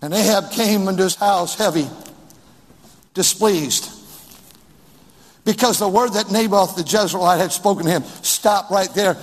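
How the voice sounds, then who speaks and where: High, husky-voiced preacher in a big church. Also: male voice, unhurried, pauses often. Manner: emphatic preaching with repeated exhortations. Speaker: pastor. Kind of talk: sermon. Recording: long church reverb.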